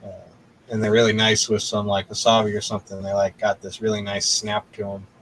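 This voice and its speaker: A man's voice: fairly low pitch, monotone, a little fast, fairly bright tone, slight background noise, low-quality recording. A man telling a rambling story in casual chat, swearing constantly and laughing a lot.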